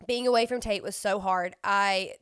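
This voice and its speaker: A woman's voice: mid-range voice, fairly even intonation, normal speed, fairly bright tone, smooth, no echo, clean studio sound. A young woman hosting a podcast, telling stories in a casual chatty way, sniffling from a runny nose and filling her talk with "like". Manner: chatty, sniffly, filler-heavy storytelling. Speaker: podcast host. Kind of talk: casual chat.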